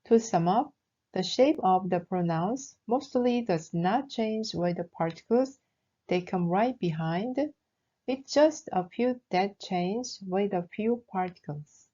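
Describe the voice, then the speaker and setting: Mellow-voiced woman teaching a language lesson. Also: medium pitch, dull audio. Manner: slow, careful explaining with example words. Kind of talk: scripted lesson narration.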